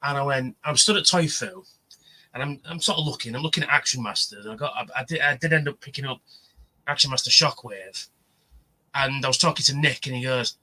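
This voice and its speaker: Bright, chatty man. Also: mid-range voice, brisk, poor audio. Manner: rambling, chatty storyteller with many fillers. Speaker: livestream co-host. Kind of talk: casual chat. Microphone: livestream mic.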